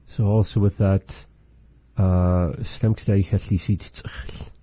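A man teaching a language lesson, measured and repeating phrases to model how they are said. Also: deep voice, level tone, dark tone, no echo.

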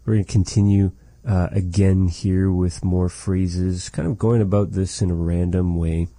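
A man teaching a language lesson, saying phrases slowly and carefully and repeating them for learners. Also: sits low, fairly even intonation, warm tone, no echo.

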